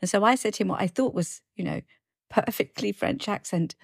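A woman's voice: mid-range voice, gravelly, husky, dry recording, clean studio sound. A woman, co-hosting a casual chat in a chatty, teasing way. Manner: chatty, teasing, quick to laugh. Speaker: podcast co-host.

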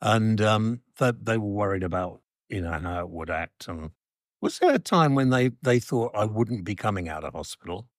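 A middle-aged Geordie man talks in a casual chat, his speech rambling and often trailing off. His voice sits low, and the room sound is dry and close. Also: lively intonation, moderate pace, no room sound. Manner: rambling, self-deprecating, trailing off.

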